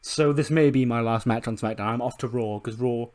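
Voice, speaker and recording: A man's voice: mid-range voice, brisk, darkish tone, close to an everyday voice. A man voicing a determined, loyal male wrestler giving an earnest pre-match speech.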